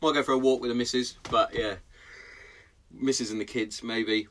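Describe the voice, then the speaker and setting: A man in his thirties chats on his own podcast from a garden shed. His voice is bright and forward at a middling pitch, and he swears freely in blunt, joking banter. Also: fairly even intonation, normal speed. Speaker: podcast host. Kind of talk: casual chat.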